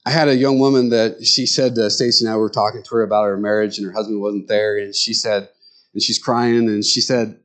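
A middle-aged male pastor giving a conversational sermon, telling stories with animated quoted voices. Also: lowish voice, brisk.

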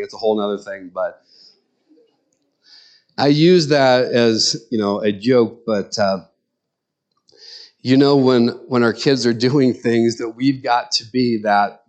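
A middle-aged man, a pastor, preaching a sermon in an earnest, conversational way with personal stories. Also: mid-range voice.

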